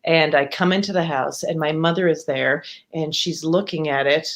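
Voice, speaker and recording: A woman telling a personal story for a live storytelling show, conversational and animated, jumping up in pitch when she acts out quotes. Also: normal speed. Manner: conversational with fillers and self-interruptions.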